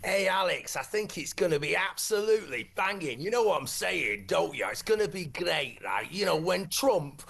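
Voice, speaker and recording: A man's voice: animated, normal speed, creaky, hardly any pauses, fairly bright tone, full character voice. Man putting on a jokey bloke. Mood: gleeful. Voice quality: pitched-up jokey yokel voice, slangy.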